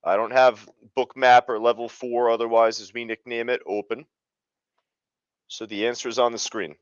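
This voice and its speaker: A man's voice: mid-range voice, flat delivery, moderate pace, clear, resonant tone, no room sound, highs cut off. A man hosting a live trading webinar, talking casually with lots of fillers. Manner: casual, chatty, many fillers. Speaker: trading room host.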